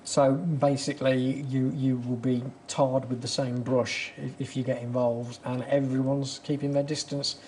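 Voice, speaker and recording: A man's voice: mid-range voice, little pitch movement, moderate pace, hardly any pauses, darkish tone, a little hiss or hum. Chatty male TV talk show host. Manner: chatty, with frequent mm-hmms and restarts. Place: TV studio.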